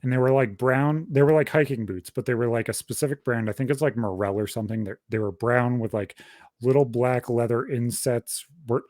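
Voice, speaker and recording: A man's voice: medium pitch, fairly quick, dry recording, clean studio sound. A young man casually telling a long story on a podcast, swearing constantly and rambling through details. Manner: profane, rambling, animated storytelling. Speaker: podcast host.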